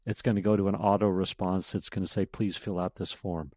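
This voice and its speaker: Guy on a podcast as the guest, lowish voice, acting out emails, dry close mic. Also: brisk, no room sound. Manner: animated storytelling, acts out emails in quotes. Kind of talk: casual interview chat.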